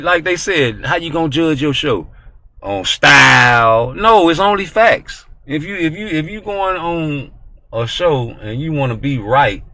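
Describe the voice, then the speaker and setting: A man hosting a boxing talk show, ranting in a profane, animated way. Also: medium pitch. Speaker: host.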